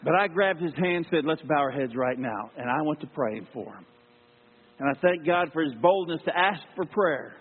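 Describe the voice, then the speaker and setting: A husky man with a fairly high voice, preaching earnestly as he tells a personal story. The sound is tinny, like a phone line, with a long hall reverb and a steady mains hum underneath. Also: normal speed. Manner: earnest storyteller, acts out quoted dialogue. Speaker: lay preacher. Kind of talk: sermon storytelling.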